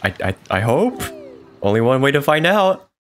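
A man's voice: medium pitch, very animated, normal speed. A man hosting a casual gameplay stream, laid-back and joking. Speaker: streamer and host. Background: game music.

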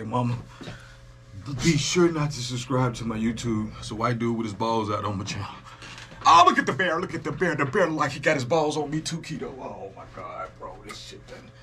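A man hosting a music reaction video, joking loudly and talking straight to his viewers in a casual, profane way. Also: medium pitch. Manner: animated, joking, profane, talks to his audience.

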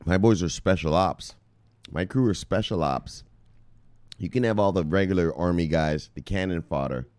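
A middle-aged man talking excitedly as a crypto news vlogger, cursing and shouting shout-outs to viewers. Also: low-pitched, normal speed, no echo. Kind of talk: casual hyped-up commentary.

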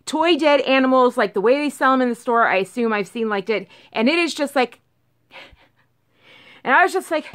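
A woman casually telling a storytime on her vlog, rambling and animated, acting out what everyone said. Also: high voice, moderate pace, clear, resonant tone. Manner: rambling, animated retelling full of "like" and acted-out quotes. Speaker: vlogger telling a storytime about her cat.

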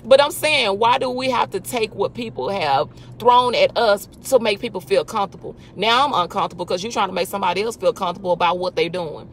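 A woman's voice: mid-range voice, quick pace, few pauses, slight background noise. A woman hosting a casual faith talk, emphatic and full of rhetorical questions. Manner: emphatic, rhetorical questions, talks back to imagined people. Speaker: host.

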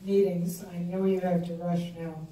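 A woman's voice: on the low side, little pitch movement, a little slow, warm tone. A woman hosting a club meeting who thanks the guest speaker and asks for questions. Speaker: club host. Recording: echoey room from far off, audience chatter.

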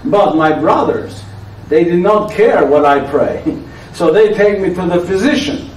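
Actor as an aging friar, weary but joking, Italian accent, high voice, teasing "yes?" asides, echoey church, mic far off. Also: male voice, expressive, measured pace, a little mellow, slight background noise. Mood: playful. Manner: teasing storyteller who keeps asking "yes?". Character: aging frail male friar, tired but playful joker. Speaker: actor performing a one-man show. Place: church hall before a live audience.

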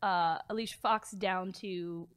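A woman co-hosting a wrestling talk show in casual chat, opinionated and quick to laugh. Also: on the low side, steady tone, a bit bright, clean tone. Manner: opinionated, chatty, laughs easily.

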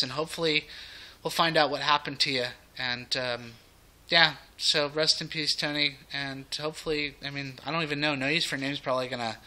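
A man in his thirties telling a story in a casual vlog, rambling with many fillers and restarts, and getting loud and excited as he retells it. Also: mid-range voice. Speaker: vlogger.

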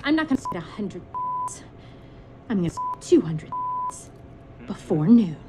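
An actress playing an eager young female rabbit cop in an animated film, bright and earnest. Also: mid-range voice, unhurried, very noisy. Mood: determined.

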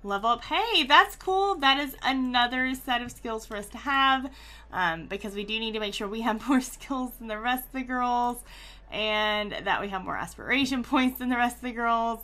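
A woman giving casual let's-play commentary, chatty and excitable, gushing and teasing herself as she plays. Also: on the high side, normal speed. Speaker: gaming YouTuber.

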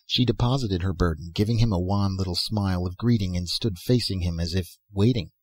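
A man reading a science fiction story aloud as an audiobook narrator, in a measured storytelling manner. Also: deep voice, a little mellow, breathy edge, no echo. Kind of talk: scripted narration.

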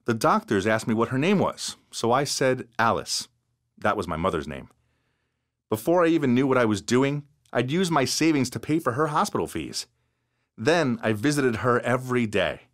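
A man narrates an animated story in the first person, his pitch rising and falling a lot. The telling is scripted and expressive. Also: moderate pace.

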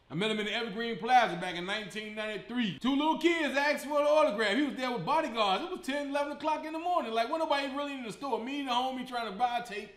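A man from Chicago hosting his comedy show, talking in an animated, profane style and laughing often. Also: very high-pitched, quick pace, hardly any pauses, reverberant. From Chicago, USA. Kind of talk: casual comedic monologue.

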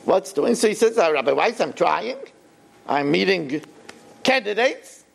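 Animated older rabbi telling a story. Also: male voice, high voice, measured pace, creaky, breathy edge. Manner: animated storyteller acting out quoted dialogue. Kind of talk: sermon storytelling.

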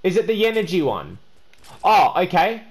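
Man gaming host, stammery, repeats himself, lively swinging pitch. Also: moderate pace, a crowd in the background. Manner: stammering, repeats words, scolds loudly. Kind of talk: casual gameplay chat.

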